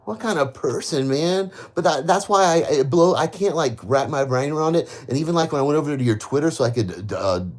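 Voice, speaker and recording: A livestreamer with a fairly high-pitched voice rants to viewers briskly, with few pauses, attacking people he blames. Bitter and accusing, he repeats his accusations, swears heavily, and rambles with many restarts.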